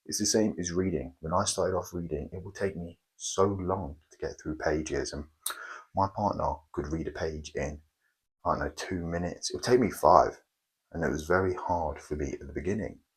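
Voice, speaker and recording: A man hosting a motivational self-help video, speaking slowly and emphatically with dramatic pauses and tongue-in-cheek grandeur. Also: sits low, breathy edge, rough recording. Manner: slow, deliberate, emphatic delivery with dramatic pauses. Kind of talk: motivational monologue.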